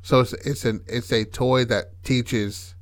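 Laid-back man pitching on a podcast. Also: steady tone, slow. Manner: laid-back, profane, checking in with "right?". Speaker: podcast host. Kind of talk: casual chat.

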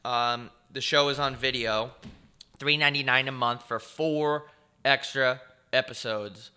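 A man's voice: mid-range voice, fairly even intonation, a little slow, bright, forceful tone, clear, resonant tone. A young man co-hosting a podcast, telling stories in a laid-back, profane way and mimicking other people's voices. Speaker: podcast co-host. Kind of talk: casual chat.

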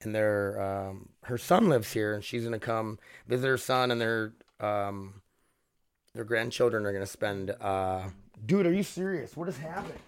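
A man's voice: fairly low pitch, a little slow, clean tone, no echo, studio quality. A man hosting a casual solo podcast from home, rambling, swearing freely and laughing often. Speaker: podcast host.

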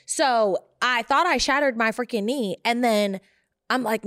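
A woman's voice: on the high side, measured pace, a bit bright, no echo, clean studio sound. A woman co-hosting a podcast, telling a story in casual chat, acting out what people said and laughing often. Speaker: podcast co-host.

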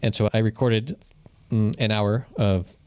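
A man's voice: lowish voice, steady tone, measured pace, mellow, clean tone, dry recording, lo-fi sound. A man co-hosting a podcast, telling a story in casual chat and swearing freely. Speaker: podcast co-host.

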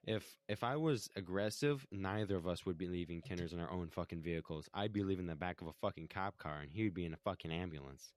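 Low-voiced man ranting in casual chat. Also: fast, hardly any pauses, no room sound. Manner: heated, swears constantly, acts out quotes. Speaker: podcast co-host telling a story.

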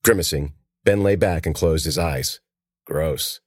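A man reading a story aloud as a narrator, expressive and lively in his delivery. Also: a bass voice, takes it slowly, dry recording, clean studio sound. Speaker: audiobook narrator. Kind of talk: scripted narration.

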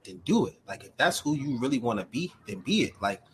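A man's voice: mid-range voice, fairly quick, a little hiss or hum. Slangy Brooklyn man telling stories. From Brooklyn, New York. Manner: animated storyteller, heavy slang and fillers. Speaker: podcast guest, cosplay creator. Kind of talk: casual chat.

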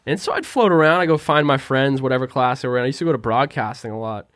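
A young man spinning a school story in relaxed slang, jumping up into the voices of the people he quotes. His voice sits at an ordinary pitch. The sound is close and dry, with no room around it. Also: fast talker, no room sound. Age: young adult. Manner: animated storyteller, acts out quoted lines, slangy. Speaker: podcast co-host. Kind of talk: casual chat.

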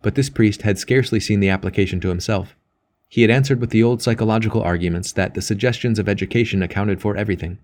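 A man reading a novel aloud as an audiobook narrator, in measured scripted narration. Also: on the low side, darkish tone.

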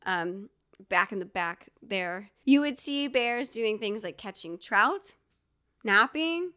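A Georgia woman co-hosting a podcast tells stories in casual chat, packing them with fillers and asides. Her medium-pitched voice has lively intonation and a slow pace, with a sharp, clean tone.

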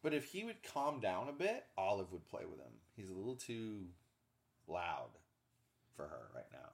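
A man co-hosting a podcast in casual chat, telling animated stories about his pets. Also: low-pitched, normal speed, gravelly. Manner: animated storyteller, acts out pets' thoughts in silly voices. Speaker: podcast co-host.

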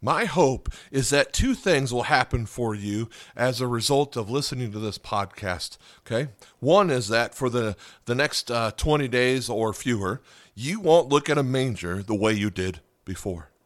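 A man preaching a podcast sermon in a conversational way, often checking in with the listeners with quick questions. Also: mid-range voice, lively intonation, no room sound, clean studio sound. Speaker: pastor.

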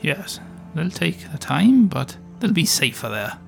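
A man's voice: a little high, big pitch swings, a little slow, creaky, faint music behind. A man playing his character at a tabletop game, talking in a theatrical, pompous way. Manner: theatrical, pompous adventurer bluster. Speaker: player voicing his character Shrew. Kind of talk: in-character tabletop role-play.

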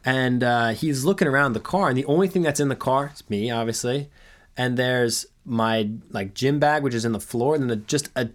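A man's voice: mid-range voice, normal speed. A young man casually telling a long story, acting out quoted dialogue along the way. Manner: animated anecdote with quoted dialogue.

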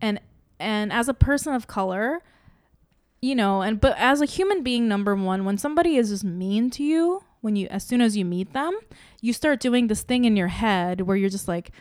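A woman's voice: mid-range voice, lively intonation, moderate pace, a little mellow, no echo, studio quality. A woman co-hosting a casual podcast chat who rambles with lots of "like" and restarts, swears freely and acts out the questions running through her head.

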